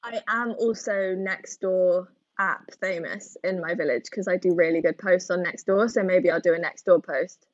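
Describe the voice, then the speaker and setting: A woman's voice: lowish voice, moderate pace, no room sound. A woman co-hosting a casual chat, telling a story with lots of likes and ums. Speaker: podcast co-host. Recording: dull dry sound.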